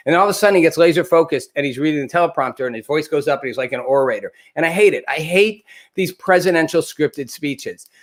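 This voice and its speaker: Animated male political commentary host. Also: a little high, fast. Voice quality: animated, repeats words when restarting.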